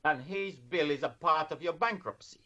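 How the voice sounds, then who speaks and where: A man's voice: a little high, normal speed, pushed and bright. A man working in financial services, a podcast guest, explaining things earnestly and often restarting his sentences. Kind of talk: casual interview chat. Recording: dull lo-fi sound.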